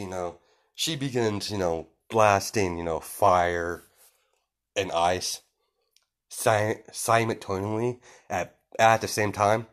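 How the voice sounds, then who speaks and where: A man with a deep, low voice tells a made-up story off the top of his head. He rambles, restarts his sentences and leans on fillers as he goes. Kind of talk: casual improvised story retelling.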